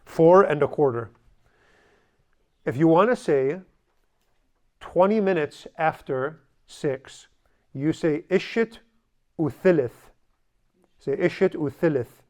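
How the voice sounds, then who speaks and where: A man's voice: a little high, takes it slowly, pauses often. Joking man teaching a language class. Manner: blunt, joking, drills students to repeat. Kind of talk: classroom lesson.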